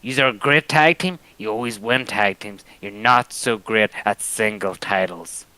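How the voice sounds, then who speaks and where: Bright-voiced man trash-talking rivals. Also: lowish voice, a little slow, no echo, rough recording. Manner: taunting and mocking, swearing often. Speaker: wrestler cutting a promo. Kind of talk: trash-talking wrestling promo.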